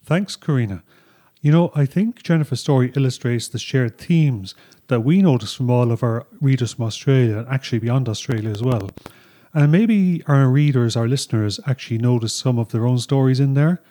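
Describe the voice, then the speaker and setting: A man co-hosting a podcast, explaining things in a relaxed way with filler words. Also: medium pitch, normal speed. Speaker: podcast co-host. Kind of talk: explanatory conversational podcast talk. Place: home studio.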